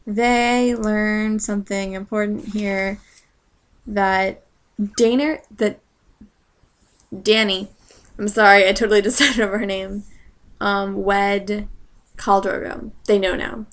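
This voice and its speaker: A woman's voice: medium pitch, fairly even intonation, slow pace, long pauses. A young woman casually recapping a book chapter in a rambling, sarcastic way, full of fillers and side jokes. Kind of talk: casual chat.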